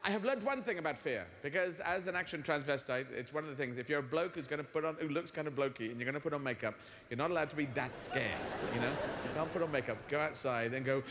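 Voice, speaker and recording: A man doing stand-up comedy on a theater stage, animated, with jumping pitch and playful swearing. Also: fast talker, hardly any pauses, a little hiss or hum. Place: large theater stage with live audience.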